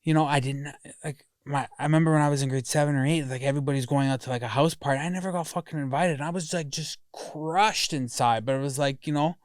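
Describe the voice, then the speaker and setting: A man's voice: a little high, fast, few pauses, dry recording, clean studio sound. A man in his thirties talking candidly in a casual podcast conversation, rambling and swearing often.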